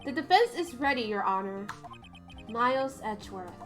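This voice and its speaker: An earnest young defense lawyer, voiced by a woman, muses aloud to himself in a fairly high voice. Faint game music sits beneath him. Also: animated, normal speed, natural voice. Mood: musing.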